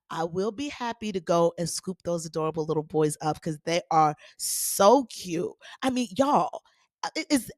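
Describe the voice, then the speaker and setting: A woman's voice: a little high, no room sound. Sassy woman host, dry close sound. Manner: sassy, animated, playful asides to listeners. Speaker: podcast host. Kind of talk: casual solo commentary.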